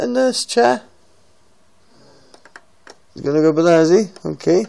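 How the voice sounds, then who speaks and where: A father in a casual home video, gently and playfully coaxing his toddler through opening a present. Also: high voice, expressive, normal speed, creaky. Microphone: phone.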